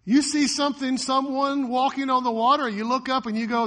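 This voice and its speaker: A man preaching a sermon as a pastor, animated, often acting out the voices of the people in the story. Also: very high voice, normal speed, hardly any pauses, long reverb tail.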